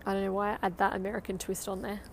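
Aussie lady coaching an interval run, mid pitched, upbeat, bit of faint outdoor hum. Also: flat delivery, rapid-fire, vocal fry. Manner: upbeat, encouraging, counts down. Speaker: running coach.

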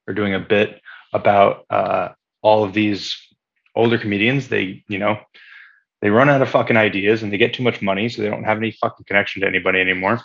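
Gravelly profane man on lo-fi audio. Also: lowish voice, a bit bright. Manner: profane, sarcastic, laughs often. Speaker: podcast co-host. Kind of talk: casual political chat. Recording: dull lo-fi audio.

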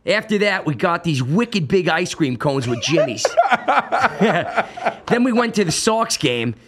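A cheerful tourist with a put-on Boston accent, as a man does the voice, chatty and laughing as he tells the story. His voice is somewhat high and lively in pitch. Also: a little slow, background noise. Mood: jolly.

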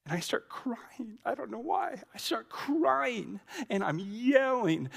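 A middle-aged man, a pastor preaching a sermon with dramatic storytelling, swinging from loud to hushed. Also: very high-pitched, big pitch swings, slow, creaky, hardly any pauses.

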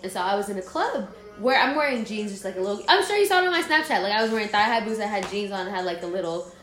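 Animated young woman in an echoey room. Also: medium pitch, very fast, soft background music. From Jordan. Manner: animated storyteller, swears freely. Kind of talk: casual chat.

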